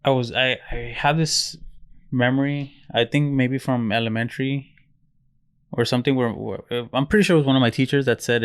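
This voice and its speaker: A young man from the States talks easily on a podcast, dropping casual swears into his stories. His voice comes across smooth and clear. The recording is close and dry. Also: mid-range voice, steady tone, brisk, no echo. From United States. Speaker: podcast co-host. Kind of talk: casual chat.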